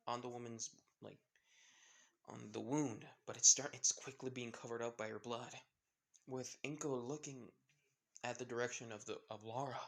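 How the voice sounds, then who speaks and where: A man's voice: mid-range voice, vocal fry, a bit bright. A man improvising a fan story, rambling along and stringing scenes together with restarts. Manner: rambling, heavy use of "with, of course" and restarts.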